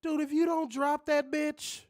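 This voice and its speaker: A man hosting a podcast, ranting in an animated, profane, casual way. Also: extremely high pitch, measured pace, no room sound, clean studio sound. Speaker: podcast host. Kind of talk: casual chat.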